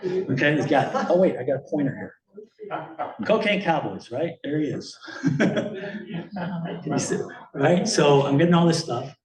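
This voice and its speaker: With lively intonation, a measured pace, and frequent pauses, a man in his sixties from Miami speaks on the high side amid crowd noise. This photographer, a guest speaker in a meeting hall, rambles casually through a slide presentation with lots of fillers and chuckles, recorded distantly in an echoey room.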